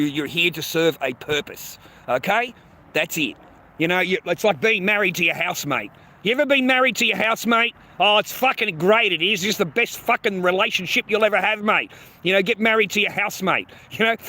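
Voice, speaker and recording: A man's voice: high voice, pushed and bright. A man hosting a livestream, ranting bluntly and profanely at his chat, repeating himself and calling viewers mate and bro. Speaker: livestream host. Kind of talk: casual livestream rant to chat.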